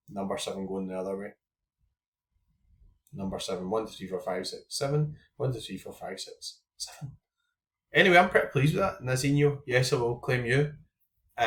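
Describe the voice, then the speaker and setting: A man's voice: mid-range voice, a bit bright. A young man hosting his own channel, talking casually and thinking aloud as he goes through his fantasy football cards, with lots of "like" and "um". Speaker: YouTube host.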